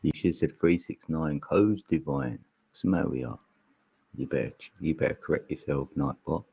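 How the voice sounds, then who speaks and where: A man's voice: very deep voice, moderate pace, vocal fry, dark tone, husky. A man hosting a casual livestream, joking, rambling and laughing often, sometimes singing along loosely. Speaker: livestream host. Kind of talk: casual live stream chat.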